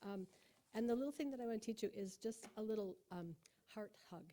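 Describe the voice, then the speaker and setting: A woman guiding a meditation in a church, talking gently and sometimes dropping into a whisper. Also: a little high, a little fast, a little hiss or hum. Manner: gentle, soft-spoken, often whispered. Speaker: meditation leader. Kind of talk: guided meditation. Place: church sanctuary.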